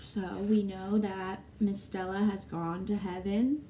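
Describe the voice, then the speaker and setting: A woman reading a children's novel aloud as a teacher, pausing to ask her young listeners questions and getting emotional. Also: medium pitch, little pitch movement, mellow. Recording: faint room noise, slightly distant mic.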